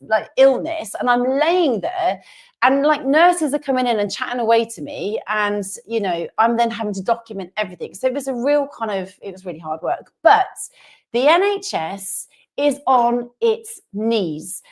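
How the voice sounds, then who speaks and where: A woman's voice: on the high side, very animated, normal speed. A woman co-hosting a casual chat show, talking bluntly and with lots of animation. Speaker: co-host.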